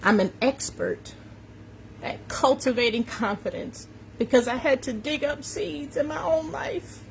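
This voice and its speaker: A woman hosts a motivational live stream with a slight New York accent. She talks slowly and emphatically in a somewhat high voice, repeating phrases like a preacher and calling out viewers by name. Faint background noise runs under her voice. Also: gravelly. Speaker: confidence coach hosting a live stream. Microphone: phone or webcam on a social media live video.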